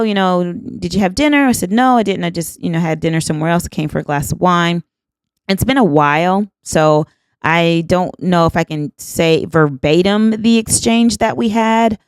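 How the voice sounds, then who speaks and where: A woman in her fifties hosts her podcast and tells a personal story with lively delivery, voicing both herself and the other person. Her voice sits a little low. The sound is dry and close, with no room echo. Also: smooth. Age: 50s. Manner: animated, acts out both sides of the exchange. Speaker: podcast host. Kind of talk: storytelling monologue.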